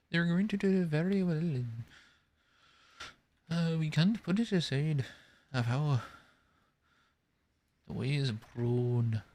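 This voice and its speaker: Man, casual gameplay commentary, slow and rambling, talks to himself, middle pitch. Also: mellow. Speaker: gaming video creator.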